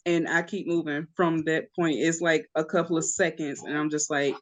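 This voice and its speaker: Blunt, mid-pitched podcast co-host. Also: normal speed, dull audio. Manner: blunt, expressive, acts out own thoughts. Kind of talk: casual chat.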